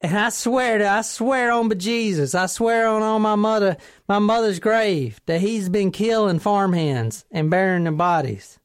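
A woman's voice: medium pitch, unhurried, hardly any pauses, smooth, dry recording, studio quality, natural voice. A woman voicing a rambling, drunken drifter farmhand man in a folksy, drawling rural put-on accent. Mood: insistent.

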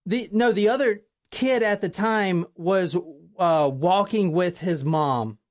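A woman hosting a casual chat, telling a true crime story in an animated way, swearing casually and acting out quotes. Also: lowish voice, takes it slowly.

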